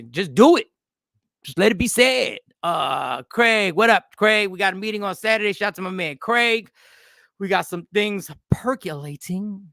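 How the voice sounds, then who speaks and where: A high-voiced man with a gravelly edge hosts a relaxed live stream. He tells a story and acts out both his side and the customer's side. The sound is dry and close, with no room echo. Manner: animated, acts out both sides of customer exchanges; loose, slangy greetings to chat viewers. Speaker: comedian hosting a live stream.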